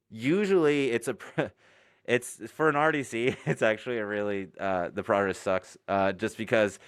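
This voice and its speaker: A man who is a Navy drill instructor, answering interview questions in a relaxed, rambling way with laughs between points. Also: lowish voice, smooth, dry recording, clean studio sound. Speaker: Navy recruit division commander, guest.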